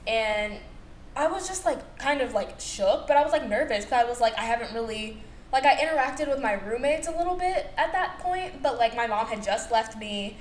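A young woman tells a story in a rambling way, full of fillers. Her voice is a little high. The room echoes noticeably, with faint noise underneath. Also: lively intonation, moderate pace. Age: young adult. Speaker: podcast co-host. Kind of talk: casual chat.

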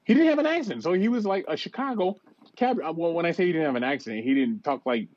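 A man's voice: on the high side, quick pace. A man chatting on a podcast, telling travel stories with lots of swearing and restarts. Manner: profane, animated storytelling with many restarts. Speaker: podcast co-host. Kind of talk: casual chat. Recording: dull lo-fi sound.

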